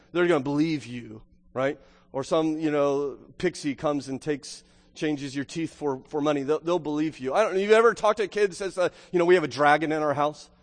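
A middle-aged man preaching a sermon in a church, talking conversationally, often repeating words and asking "right?". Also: a little high. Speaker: pastor. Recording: long hall reverb.

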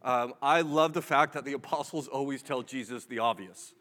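A man's voice: medium pitch, moderate pace, bright, forceful tone, long reverb tail. A man preaching a sermon in a conversational, humorous way, acting out bits of dialogue.

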